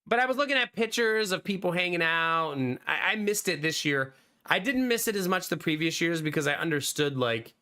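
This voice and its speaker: Chatty streamer man, bright voice. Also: fairly high pitch. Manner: chatty, answering viewers by name. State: slightly hoarse. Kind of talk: casual live-stream chat. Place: home streaming room.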